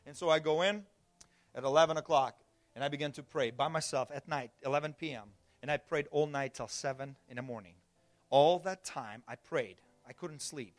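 A man preaching a sermon as pastor, telling a personal story and swinging from hushed, low-pitched talk to loud, high shouts. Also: moderate pace.

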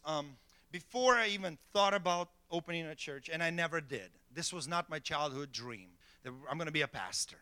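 A middle-aged pastor preaches with emphatic, rising delivery, punctuating points with "okay?" and "amen." His voice sits high for a man and has a sharp, bright edge. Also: expressive, a little fast, no echo. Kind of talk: sermon.

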